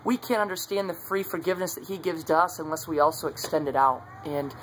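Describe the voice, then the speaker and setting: A man's voice: fairly high pitch, steady tone, quick pace, fairly bright tone, slight background noise, rough recording. A man sharing his faith in a casual devotional talk, earnest and conversational, recorded on a phone. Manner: earnest, conversational, many fillers.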